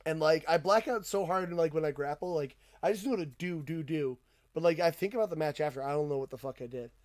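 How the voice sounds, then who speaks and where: High-voiced profane young man telling stories. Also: quick pace. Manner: profane, animated storytelling with laughs. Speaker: podcast host. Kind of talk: casual podcast chat.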